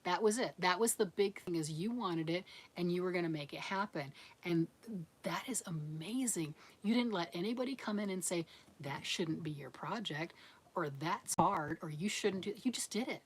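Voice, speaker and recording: On her crochet livestream, a middle-aged host reads out and responds to viewer comments in a relaxed, encouraging way, laughing often. Her voice is a bit low for a woman and husky, and she speaks at normal speed.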